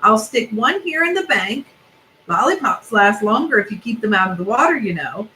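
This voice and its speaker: A woman voicing a calm, clever man who talks in a friendly, coaxing way while reading a storybook aloud. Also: on the high side, normal speed, roomy sound, a little hiss or hum, low-quality recording.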